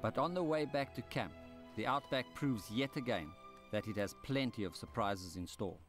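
Calm man narrating a wildlife documentary. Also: medium pitch. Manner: calm, measured storytelling. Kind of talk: scripted documentary voice-over. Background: documentary score music.

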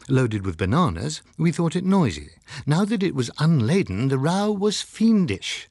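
An audiobook narrator, male, reads a novel from a script in a measured, expressive storytelling style. His voice sits in the mid range, and the studio-quality recording has no room sound.

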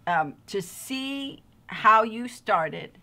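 A middle-aged woman hosting a casual online interview, talking with warm enthusiasm about her old friend. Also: medium pitch, expressive, drawn-out words. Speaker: YouTube interview host.

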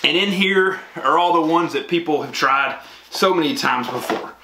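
A man's voice: a little high, moderate pace. Chatty man in an echoey room. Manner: chatty, rambling with many restarts and ums. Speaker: pastor and vlogger. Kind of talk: casual talk to camera. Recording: echoey room with clear background noise.

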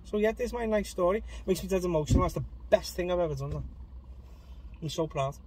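A man's voice: sits high, fast talker, poor audio. A man in his thirties, co-hosting a podcast, telling a long casual story in a rambling way with fillers and casual swearing. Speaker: podcast co-host. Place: in a car. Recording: loud road noise in a car.

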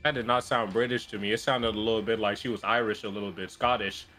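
A man's voice: on the low side, fairly even intonation, fast, sharp tone, soft background music. A man co-streaming a game, casually insistent and playful, repeating his points.

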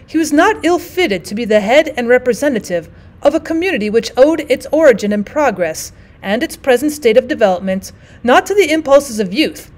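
Teacher-narrator for an audiobook, a woman with a fairly high voice, steady and expressive reading. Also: a little fast.

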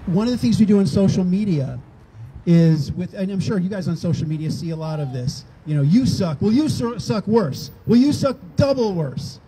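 A man's voice: sits high, background noise. An older man, a rally organizer, speaking conversationally to a crowd outdoors and acting out quoted exchanges. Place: outdoors on a town green.

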